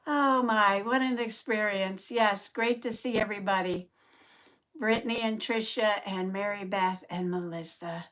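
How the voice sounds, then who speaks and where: A woman chats with her viewers on a live stream in an unhurried, mid-pitched voice. She sounds short of voice and a little out of breath. She laughs often and greets viewers by name. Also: fairly even intonation, fairly bright tone. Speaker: journaling vlogger hosting a live stream. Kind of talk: casual live-stream chat.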